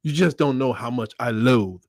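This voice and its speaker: A middle-aged man hosting a casual sports livestream. He jokes and reads out chat comments, and his voice breaks into high squeals. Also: moderate pace, a little mellow, no room sound, clean studio sound.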